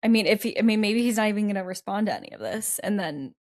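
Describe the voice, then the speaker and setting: A woman co-hosting a casual advice podcast, thinking aloud with lots of "like"s and gentle hedging. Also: mid-range voice, animated, fast talker, no echo, studio quality. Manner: thoughtful, hedging with many "like"s. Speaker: podcast co-host.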